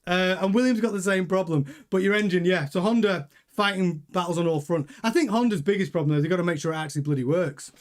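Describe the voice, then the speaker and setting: A man's voice: high voice, fast talker, few pauses. A man hosting a motor racing news show, talking casually and rambling, joking and restarting his sentences. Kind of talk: casual news commentary with live chat.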